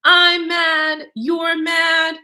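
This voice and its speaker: A woman voicing a sly, teasing male cat in a storybook reading, drawing out the words slowly. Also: extremely high pitch, completely flat delivery, bright, forceful tone, voice pushed up, heavily acted.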